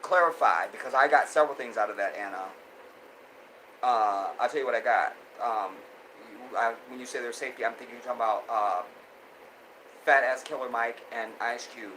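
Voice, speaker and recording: A man's voice: mid-range voice, fairly quick, sharp tone, slight background noise, poor audio. A man hosting a casual live stream, reading viewer comments aloud and reacting with lots of laughter and repeated phrases. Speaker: host.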